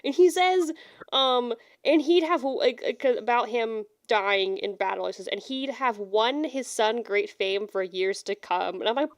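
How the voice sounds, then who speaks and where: A woman's voice: medium pitch, lively intonation, measured pace, no echo, clean studio sound. A young woman co-hosting a podcast, chatting casually about a book and acting out characters in slangy paraphrase. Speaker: podcast co-host.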